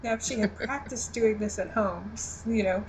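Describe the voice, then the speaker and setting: A woman co-hosting a casual TV recap chat, giggling often and pausing with ums and restarts. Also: on the high side, warm tone, a little hiss or hum, low-quality recording. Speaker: podcast co-host.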